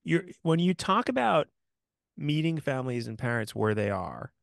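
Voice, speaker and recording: A man hosting a podcast, asking long, thoughtful questions in a measured way. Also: fairly high pitch, very animated, vocal fry, dry recording, studio quality. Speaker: podcast host.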